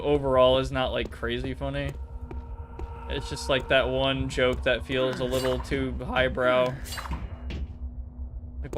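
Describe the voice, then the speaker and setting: A man with a mid-range voice chats casually while streaming from home, with background noise audible. He rambles, swears a lot, and slips into mock-dramatic readings.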